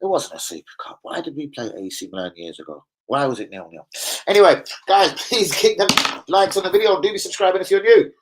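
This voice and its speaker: A young man hosts a loose football livestream, rambling between topics. His voice sits a little high, and he swears freely while giving shout-outs to the chat. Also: expressive, brisk, low-quality recording. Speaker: football fan livestream host.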